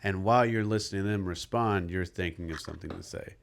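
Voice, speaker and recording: A man's voice: sits low, fast, gravelly, slight background noise. A man podcast co-host and comic in casual chat, telling rambling anecdotes full of "like".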